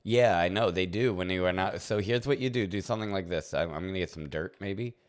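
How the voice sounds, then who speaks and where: A man with a deep, low voice talks casually to his livestream audience while he plays. He rambles playfully and chuckles often as he addresses chat. A faint background hiss sits under his voice. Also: a little fast. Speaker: streamer.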